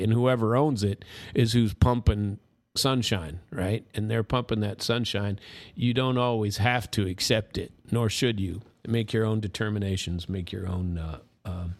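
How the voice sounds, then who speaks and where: A middle-aged man hosting a casual, rambling monologue, folksy and full of restarts. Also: lowish voice. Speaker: host.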